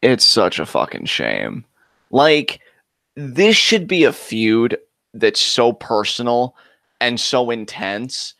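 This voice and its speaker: A man's voice: medium pitch, sing-song, takes it slowly, creaky, pushed and bright. A man co-hosting a wrestling talk show, ranting with frustration and heavy swearing. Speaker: wrestling podcast co-host. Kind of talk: heated casual chat.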